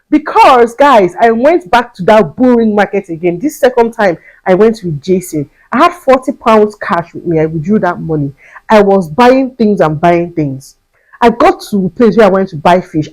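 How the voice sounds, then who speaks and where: A young woman with a Nigerian accent tells a storytime vlog, her voice slightly husky and mid-pitched. She talks in an animated way, repeating phrases for emphasis and dropping into pidgin. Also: moderate pace, poor audio. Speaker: vlogger.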